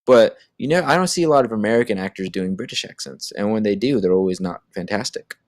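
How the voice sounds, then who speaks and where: A man's voice: lowish voice, animated, quick pace, dry recording. A man co-hosting a casual podcast, rambling along with lots of fillers and restarts. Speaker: podcast co-host. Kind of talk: casual chat.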